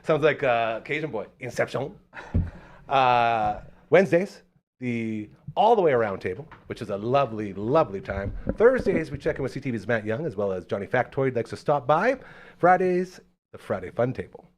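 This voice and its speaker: A Canadian man hosts a live talk show with an energetic, promotional push. His pitch leaps around with lots of movement while sitting at a mid-range level overall. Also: normal speed, slight background noise. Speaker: host.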